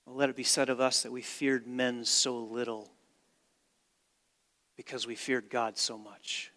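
A man preaching a sermon as pastor, with dramatic swings from hushed to loud and emphatic delivery. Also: medium pitch, flat delivery, measured pace. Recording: long reverb of a large hall.

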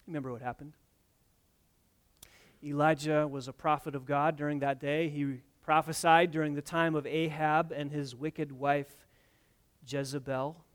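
Energetic male preacher with a fairly high voice. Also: unhurried. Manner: dynamic preaching, swells loud on key points then drops soft; retells scripture with acted quotes and asides to the congregation. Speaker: pastor. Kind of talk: sermon.

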